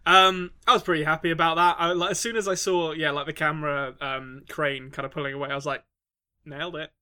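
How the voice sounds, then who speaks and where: Bright-voiced man, casual podcast chat. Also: a little high, steady tone, fast, clean tone. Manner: hesitant, many restarts and fillers. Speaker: podcast co-host.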